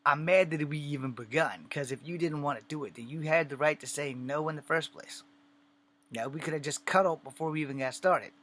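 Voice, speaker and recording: A man's voice: on the high side, a little fast, a bit bright. A man ranting and telling a story to camera in blunt, profane, conversational talk. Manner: conversational, acts out the scene. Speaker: vlogger. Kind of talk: casual rant and storytelling to camera.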